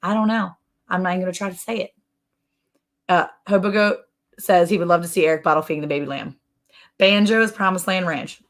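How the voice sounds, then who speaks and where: Lady chatting on a ranch livestream, lively storyteller, laughs a lot. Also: on the low side, fairly quick, pauses often. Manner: animated storyteller, laughs often, makes silly sound effects. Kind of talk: casual chat.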